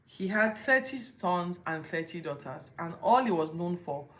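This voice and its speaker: A woman's voice: fairly low pitch, a little slow. Woman, bible podcast host, casual commentary, incredulous, informal. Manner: animated, incredulous rhetorical questions; informal retelling with restarts.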